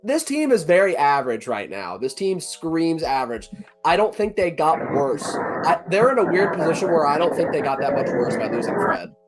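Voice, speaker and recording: A man co-hosting a casual sports chat, laid-back and quick with a quip. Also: on the high side, sing-song, faint music behind. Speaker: co-host.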